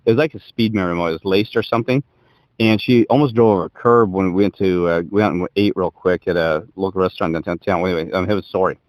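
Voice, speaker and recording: Fast-talking low-voiced man. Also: steady tone, no echo. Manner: rambling, self-interrupting, emphatic. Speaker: podcast co-host. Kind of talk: casual chat, rambling storytelling. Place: Colorado.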